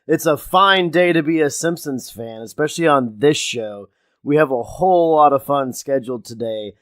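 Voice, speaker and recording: A man's voice: a little high, moderate pace, a bit bright, dry recording, studio quality. A man co-hosting a podcast, goofy and playful, who swears casually. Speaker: podcast co-host. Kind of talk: casual chat.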